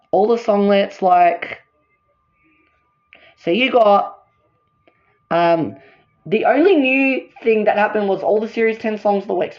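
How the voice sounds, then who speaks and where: A woman's voice: mid-range voice, dull audio. A woman ranting as a fan vlogger, worked up, repeating herself and apologizing for getting upset. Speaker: fan vlogger ranking songs.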